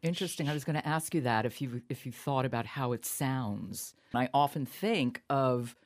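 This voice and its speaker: Female interview host, very deep voice, attentive with brief questions. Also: normal speed. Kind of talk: conversational interview.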